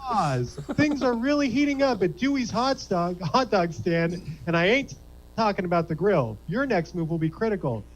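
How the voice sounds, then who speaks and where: A man's voice: high voice, lively intonation, normal speed, poor audio. A man, a comedy panelist, narrating a mock corporate training video in a cheesy announcer tone.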